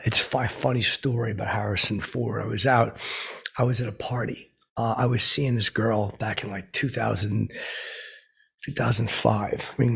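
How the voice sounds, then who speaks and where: A boastful, washed-up radio DJ, as a man puts him on, rambles through a story that keeps stumbling over itself. His voice is deeply gravelly and rough with fry. He stammers and repeats himself, always oblivious. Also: fairly bright tone, heavily acted. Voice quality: gravelly, extremely raspy. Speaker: comedy podcast host playing a character.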